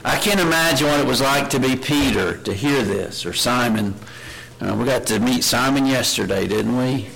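A man's voice: medium pitch, moderate pace, gravelly, a bit bright, rough recording. Earnest male preacher giving a sermon. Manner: earnest, asks the congregation many questions; reads scripture aloud with rising emphasis.

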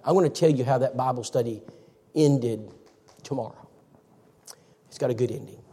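A man's voice: mid-range voice, moderate pace, dark tone, husky. A man preaching a folksy, story-driven sermon. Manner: folksy storytelling, acts out quotes. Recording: reverberant church hall.

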